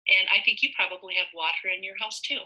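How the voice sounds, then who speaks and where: A woman giving a gentle online lesson to young children about making sounds with the mouth. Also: mid-range voice, fast, low-quality recording.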